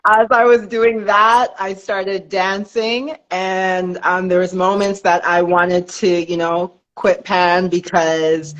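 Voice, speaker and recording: A young Canadian woman with a lowish voice, heard through dull audio, is a guest on a podcast; she's a dancer who also owns a fitness business. She chats casually and tells animated stories, laughing often.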